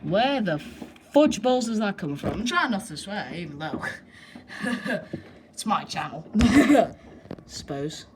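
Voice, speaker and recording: A woman's voice: mid-range voice, very animated, takes it slowly. A young woman, hosting her own channel in a casual, rambling, cheeky way, full of fillers, talking to camera from a living room. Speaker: channel host. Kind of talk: casual live commentary. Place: indoor living room by a window. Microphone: handheld camera. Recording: noisy home camera audio with clicks.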